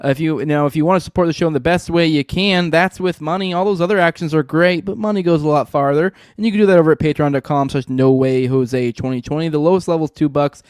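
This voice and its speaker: A man's voice: on the high side, fast, hardly any pauses, darkish tone, clean tone, no room sound, studio quality. A man hosting a podcast, tired and sniffly, easygoing as he chats and plugs the show. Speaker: podcast host. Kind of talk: casual chat and show sign-off.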